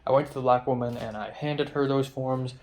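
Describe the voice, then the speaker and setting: A man's voice: medium pitch, fairly even intonation, a little fast, a little mellow. Young man rambling casually. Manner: rambling, filler-heavy, off-hand. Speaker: vlogger. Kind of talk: casual diary-style chat.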